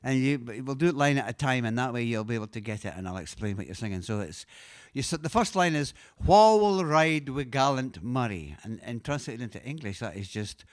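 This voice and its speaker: With guitar playing behind him, a Scottish singer-songwriter chats between numbers at his own live gig. His mid-range voice is expressive and quick, with few pauses, though he still rambles, hesitates, and leans on fillers while patiently walking listeners through things.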